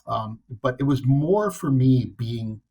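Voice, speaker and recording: A man's voice: medium pitch, expressive, takes it slowly, warm tone. A man from the US East Coast co-hosting a podcast, telling a story in a blunt, wry, self-deprecating way. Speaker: podcast co-host. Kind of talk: casual chat.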